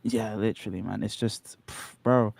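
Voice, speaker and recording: A Nigerian man co-hosting a stream chats casually in a lowish voice with vocal fry, at a moderate pace and with no echo. He tells stories animatedly, laughs often, and says "bro" a lot.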